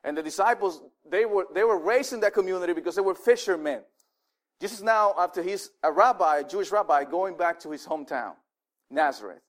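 A male pastor giving a sermon in an animated, conversational way, often restarting his words. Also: high voice, fairly quick.

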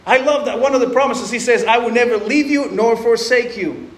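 Man preacher, high voice, casual acted-out quotes, roomy hall echo. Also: quick pace, fairly bright tone. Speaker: pastor. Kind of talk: sermon. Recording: echoey room, faint noise.

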